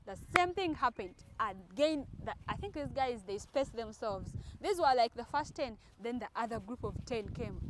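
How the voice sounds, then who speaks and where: A young woman from Uganda, speaking a touch high, narrates a personal storytime vlog. She talks directly to her viewers and tells the story in an animated, dramatic way. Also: background noise. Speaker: vlogger.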